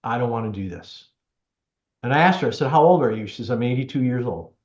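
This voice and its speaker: A man's voice: mid-range voice, fast. A man chats easily as an interview guest, telling anecdotes and slipping into the voices of people he quotes. The sound is somewhat dull and carries the echo of a roomy space. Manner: chatty, animated storyteller, acts out quotes. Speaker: tech helper for seniors, guest. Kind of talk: casual storytelling interview.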